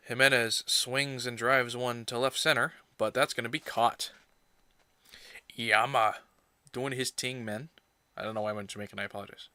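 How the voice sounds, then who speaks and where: At a moderate pace and medium pitch, with no room sound, the male host of a livestream reacts eagerly to baseball and mutters self-scoldings while handling video clips.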